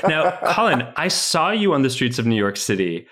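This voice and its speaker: A man's voice: mid-range voice, very animated, normal speed, fairly bright tone. A man from Minnesota hosting an interview, teasing and good-humored in casual chat. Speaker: host.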